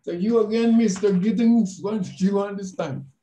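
A man voicing a cheerful, teasing middle-aged female store manager with a Spanish accent, in a raised, bright voice inside a retold story. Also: mid-range voice, moderate pace, pitched above the performer's own voice, close to an everyday voice. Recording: roomy echo.

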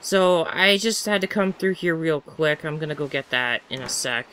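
A man's voice: on the high side, lively intonation, moderate pace, pushed and bright. A man giving casual let's-play commentary, chatty and rambling as he talks to himself while playing.

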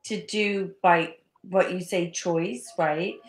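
A woman's voice: fairly low pitch, steady tone, takes it slowly. A woman hosting an interview, asking questions and sharing her own experiences in a conversational way. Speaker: host interviewer. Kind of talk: casual interview chat. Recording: echoey room.

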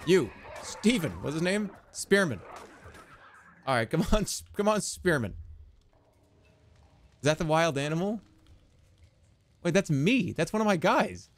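Excitable man yelling over a game. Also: fairly high pitch, unhurried, long pauses, dry recording. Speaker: streamer. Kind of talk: live gameplay commentary.

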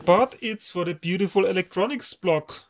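A man's voice: sits high, normal speed, slight background noise. A man hosting a casual unboxing, marveling aloud with exclamations as he presents each item. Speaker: electronics video host.

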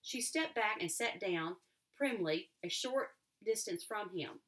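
A woman teacher reading a novel aloud to a class, expressive, with occasional restarts. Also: medium pitch, slow.

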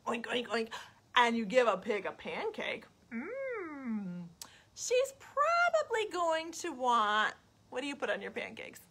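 A woman librarian reading a picture book and singing counting songs for young children in a playful, animated way on a livestream. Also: on the high side, slightly rough. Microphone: webcam or phone, livestream.

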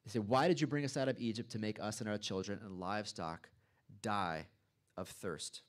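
A male pastor delivering a sermon in a church with a fairly low voice. He reads scripture aloud, then unpacks it in a relaxed, conversational teaching manner with occasional asides. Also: normal speed.

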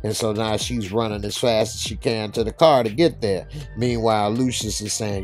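A man's voice: lowish voice, fairly even intonation, normal speed, hardly any pauses, faint music behind. A man casually recapping a TV episode in a laid-back, slangy way, with many filler words. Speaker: TV episode reviewer.

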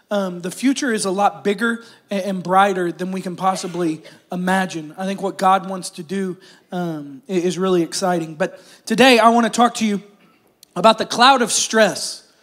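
This pastor's voice sits high and sounds a bit bright as he preaches a conversational sermon to his church during a service. He calls out to the crowd and works in jokes.

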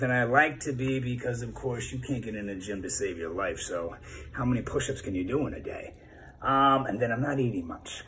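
A man's voice: on the low side, fairly bright tone, a little hiss or hum. Rambling, goofy middle-aged man. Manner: rambling, goofy, full of fillers. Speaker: vlogger. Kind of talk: casual talk to camera.

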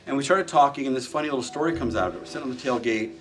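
A man's voice: medium pitch, racing, distant mic. Rambling man telling range stories, swearing freely. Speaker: shooting range owner and firearms trainer. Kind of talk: casual storytelling in an interview.

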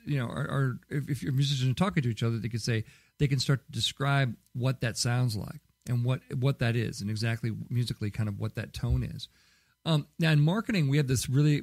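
A man's voice: medium pitch, a little mellow, no room sound, clean studio sound. A man hosting a podcast in casual solo talk, rambling with many fillers and restarts. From Southern California. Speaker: podcast host.

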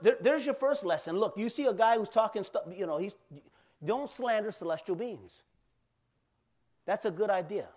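A pastor preaching a sermon in a loose, colloquial way, with asides and questions to the congregation. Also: male voice, high voice, a little mellow.

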